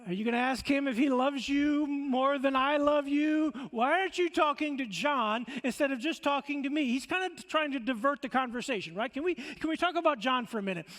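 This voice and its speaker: A man's voice: very high voice, fairly bright tone. A man pastor preaching a sermon in a church, emphatic, with rhetorical questions and stammering restarts. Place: church sanctuary. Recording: long church reverb.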